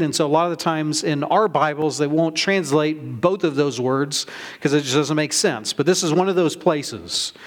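A man preaching a sermon as pastor, reading scripture aloud and then explaining it in a conversational way with some fillers and restarts. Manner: conversational preaching with fillers, raises pitch for quotes.

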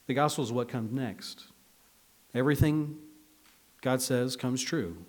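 A man preaching a conversational sermon as a pastor, earnest, moving between hushed, slow passages and emphatic, raised ones. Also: mid-range voice.

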